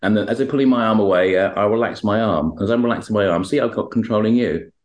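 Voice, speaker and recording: Rambling low-voiced male hypnotherapist. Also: fast. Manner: rambling, acts out dialogue when retelling sessions. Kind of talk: podcast interview, anecdotal storytelling.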